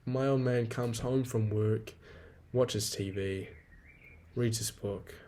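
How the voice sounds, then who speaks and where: A man's voice: mid-range voice, steady tone, slow pace, warm tone, a little hiss or hum. A young man, rambling and swearing freely in a casual solo podcast monologue. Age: 20s. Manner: profane, rambling, venting. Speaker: podcast host.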